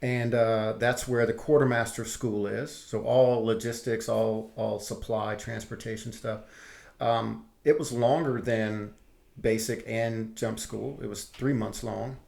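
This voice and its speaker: Gravelly-voiced man telling army stories. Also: medium pitch, unhurried. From Texas. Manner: lively storyteller who acts out his quotes. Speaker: guest, army veteran. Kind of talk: casual storytelling interview.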